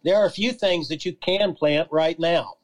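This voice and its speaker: A man's voice: on the high side, moderate pace. Man telling gardening stories. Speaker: beekeeper and gardening guest. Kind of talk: casual chat.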